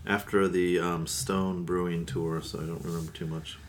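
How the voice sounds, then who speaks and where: A man with a very deep voice chats casually as a podcast co-host, weighing each sip of beer in a relaxed, thoughtful way. He is recorded at a friend's house, with a light hiss of background noise behind him. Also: moderate pace. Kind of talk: casual beer-tasting chat.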